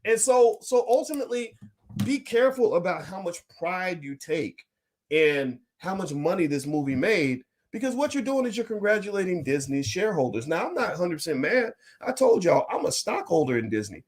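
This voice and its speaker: Emphatic male finance commentator with a somewhat high voice, repeats his points and restarts often. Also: very animated, moderate pace. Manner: laughs while talking. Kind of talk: opinion commentary to camera.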